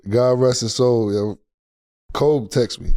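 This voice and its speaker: A man's voice: medium pitch, slow, warm tone, no echo, clean studio sound. A man in his thirties, a podcast guest, telling a rambling story in casual chat with many restarts.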